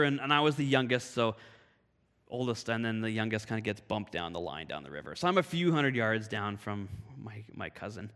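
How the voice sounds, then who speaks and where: A man from Canada giving a sermon, telling a personal story in a lively, animated way. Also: mid-range voice. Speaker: pastor. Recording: long hall reverb.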